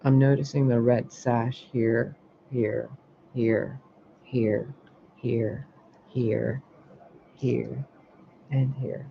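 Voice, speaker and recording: A man reads tarot and oracle cards on a livestream, musing playfully and speaking to the cards, with a muffled recording and faint hiss. His mid-range voice is creaky and level, drawing out words and pausing often.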